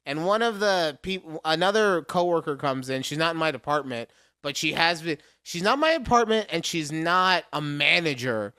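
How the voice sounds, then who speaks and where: A man in his forties co-hosting a laid-back podcast, ranting through his work stories with profanity and jumps in pitch. His tone is bright and forceful. The sound is dry and close. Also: moderate pace, smooth, dry recording. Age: 40s. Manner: animated storytelling, rants with profanity. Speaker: podcast co-host. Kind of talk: casual chat.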